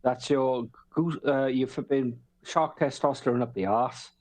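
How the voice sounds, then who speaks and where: A man with an ordinary middle pitch builds a long analogy to make his point. His talk is loose, crude, and full of swearing. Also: steady tone, unhurried, darkish tone. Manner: profane, explains with long analogies. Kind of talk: casual chat.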